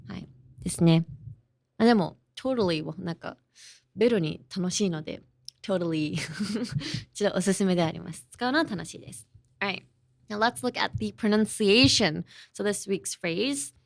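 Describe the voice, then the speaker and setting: A woman's voice: mid-range voice, fast talker, creaky, long pauses, dry recording, studio quality. A young woman from Los Angeles, teaching a lesson in a chatty way and mixing in Japanese. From Los Angeles, USA. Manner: chatty, easily mixes English and Japanese, explains with examples. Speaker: language teacher and host. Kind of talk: casual podcast language lesson.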